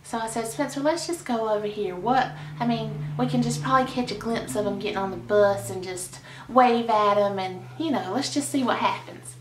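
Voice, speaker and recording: A woman's voice: a little high, normal speed, few pauses, slight background noise. A woman telling a story in a chatty, gushing way. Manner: chatty and gushing, with sighs and laughs. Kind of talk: casual storytime. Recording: echoey room.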